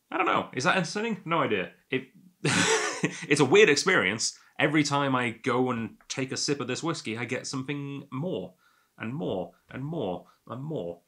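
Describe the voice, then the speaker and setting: A man's voice: mid-range voice, bright, forceful tone, breathy edge. A man hosting a whisky tasting, chatting in a rambling, self-amused way as he sips and talks to the camera. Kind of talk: casual tasting monologue.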